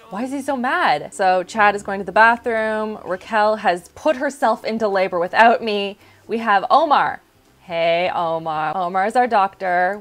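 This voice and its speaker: A young woman commentating a life-simulation game in a chatty, playful way, often gasping and laughing. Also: medium pitch. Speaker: gaming YouTuber. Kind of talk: casual Let's Play commentary.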